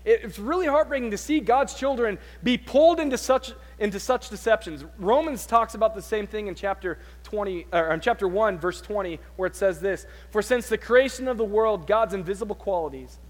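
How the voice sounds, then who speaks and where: A man preaching a sermon, reading scripture with dramatic loud peaks and dropping to quiet, conversational asides. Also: high voice, a little fast, few pauses, long reverb tail.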